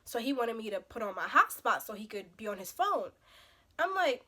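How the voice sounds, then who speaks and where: Young woman kinda hoarse from a cold, casual storytime vlog, fairly high voice, gets loud and emphatic. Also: moderate pace. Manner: animated, emphatic storytelling with sudden loud outbursts. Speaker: vlogger.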